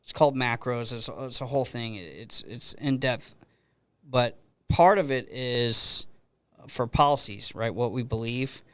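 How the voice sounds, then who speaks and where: Smooth-voiced man hosting a podcast. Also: mid-range voice, a little slow, a bit bright, no room sound. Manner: rambling storyteller with frequent restarts. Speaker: podcast host. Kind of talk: casual conversational interview.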